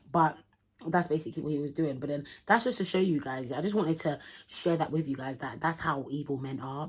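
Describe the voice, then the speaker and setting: Husky young woman telling a story. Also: deep voice. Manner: animated, slangy storytelling with acted quotes. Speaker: vlogger. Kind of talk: storytime vlog.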